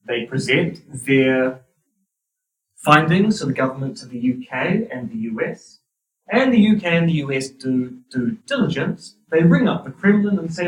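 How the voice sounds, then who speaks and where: A man's voice: a little high, big pitch swings, moderate pace, creaky. A man with a New Zealand accent giving a university lecture, with a wry, dry sense of humor. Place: lecture hall. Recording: roomy hall, distant mic.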